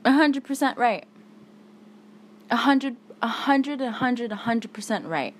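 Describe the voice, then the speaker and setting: A woman's voice: a little high, measured pace, a little hiss or hum. A woman hosting a solo podcast, talking angrily with heavy swearing, tired. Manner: angry, heavy swearing, emphatic. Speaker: podcast host.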